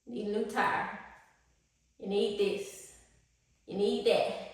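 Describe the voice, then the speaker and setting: A woman's voice: mid-range voice, level tone, slow pace, recorded from a distance. A woman, a spiritual life coach, talking in a casual, playful and slangy vlog style. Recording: echoey room, voice off-mic.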